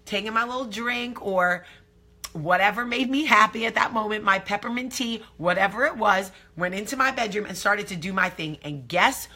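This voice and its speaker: Brash, bright-voiced woman vlogger. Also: medium pitch, normal speed. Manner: brash, profane, animated storytelling. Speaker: vlog host. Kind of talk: candid storytelling to camera.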